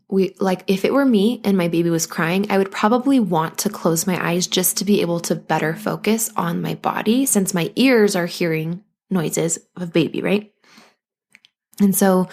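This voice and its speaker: A woman with a fairly low voice hosts a solo podcast as a postpartum coach, gently guiding listeners through anxiety. At times she acts out their worried inner thoughts.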